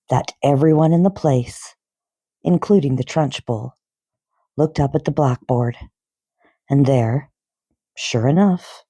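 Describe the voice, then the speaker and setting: Slow, low-voiced woman reading a storybook. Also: husky, no room sound, clean studio sound. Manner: expressive storybook reading, unhurried. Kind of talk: reading a novel aloud.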